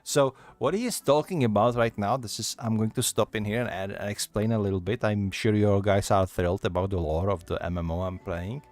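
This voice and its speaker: A man's voice: on the low side, fairly quick, few pauses, a little mellow. A man streaming a game live, chatting casually and making sarcastic asides.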